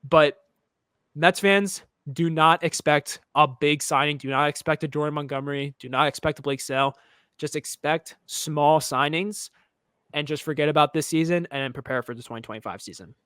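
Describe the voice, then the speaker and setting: A man's voice: a little high, normal speed, pushed and bright, smooth, dry recording, clean studio sound. Rambling opinionated young man. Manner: opinionated, rambling, restarts a lot. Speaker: podcast co-host. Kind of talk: casual sports chat.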